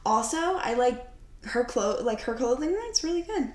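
A woman's voice: on the high side, sing-song, normal speed, slight background noise. Brief: young woman podcast co-host, rambling casual chatter, recorded in an echoey room. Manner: rambling, heavy use of "like". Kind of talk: casual chat.

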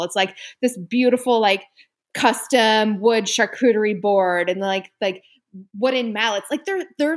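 A woman chatting casually as a co-host, telling a story with lively acted-out quotes and some swearing. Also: fairly high pitch. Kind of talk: casual chat.

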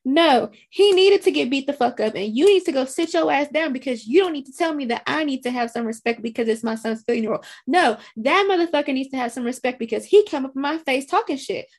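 A woman's voice: sits high, lively intonation, fairly quick, hardly any pauses. A woman co-hosting a podcast, talking bluntly and heatedly about a movie in casual chat. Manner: blunt, heated, profane ranting. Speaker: podcast co-host.

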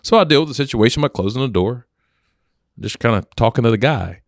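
A man co-hosting a podcast, relaxed and anecdotal, telling a story and acting out what people said. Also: medium pitch, a little fast, no echo, studio quality. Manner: relaxed, anecdotal, acts out quotes. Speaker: podcast co-host. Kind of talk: casual storytelling.

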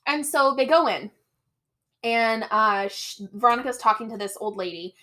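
Woman co-host, fairly high voice, casual chat, animated storyteller who swears. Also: normal speed. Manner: animated, acts out quotes in shifting voices; swears freely, laughs often. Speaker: podcast co-host.

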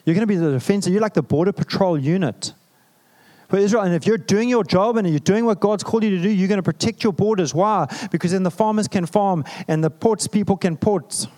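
A male pastor delivers a sermon in a relaxed, chatty way. He jokes and makes asides to the listeners, and his voice sits a little high for a man. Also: brisk. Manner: conversational, humorous preaching with asides.

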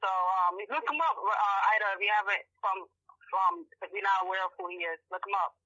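A man talking casually as a podcast guest, halting and full of fillers and restarts, heard over a phone call. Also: high voice, pushed and bright, no room sound. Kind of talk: casual chat.

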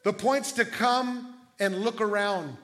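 A middle-aged man preaching a sermon as pastor, telling stories in a conversational way with quick restarts. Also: high voice, fairly bright tone.

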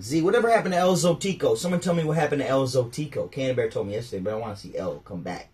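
A man's voice: mid-range voice, expressive, fast, darkish tone. A man reading scripture casually and riffing with slangy jokes on a stream. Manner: joking, slangy asides.

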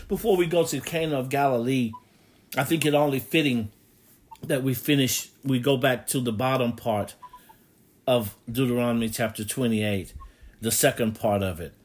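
A man preaching a sermon, reading scripture aloud and swinging between loud emphatic bursts and quiet, low asides.

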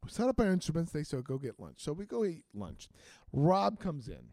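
Man, band director, casual storytelling, high voice, very lively pitch, dry close sound. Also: a little fast, vocal fry, dry recording. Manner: animated, acts out quotes with big pitch jumps.

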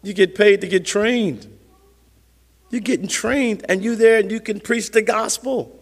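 A man's voice: high-pitched, a bit bright, big-room sound. A man preaching a sermon as pastor, talking it through conversationally with rhetorical questions and repeated phrases.

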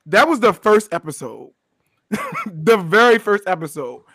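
A man co-hosting a casual podcast chat, animated and laughing, often repeating himself as he talks. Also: high voice, a little slow, husky, no echo, studio quality. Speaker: podcast co-host.

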